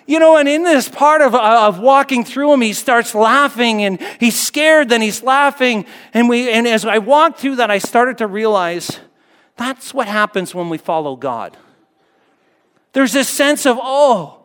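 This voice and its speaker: Male preacher, high voice, emphatic sermon cadence that rises and falls quiet, long hall reverb. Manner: emphatic, repetitive preaching cadence, swelling then dropping soft. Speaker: pastor.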